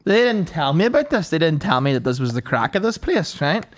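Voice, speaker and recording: Young male co-host, sweary storyteller, lively pitch. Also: brisk. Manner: sweary, animated storytelling with mocking quoted voices. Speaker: podcast co-host. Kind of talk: casual banter.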